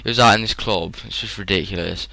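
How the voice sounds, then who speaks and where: A teenage man with a British English accent rambles through a casual gaming commentary. His slightly low voice sounds bright and clean. The recording is dry and close, with no room echo. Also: quick pace, creaky. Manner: rambling, chatty, frequent fillers and laughs. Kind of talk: casual storytelling over gameplay.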